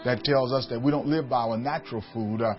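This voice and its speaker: A man's voice: medium pitch, fairly even intonation, brisk, highs cut off, over music. A man, a bishop preaching a radio sermon, building up to emphatic repeated questions to his listeners. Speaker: bishop and pastor.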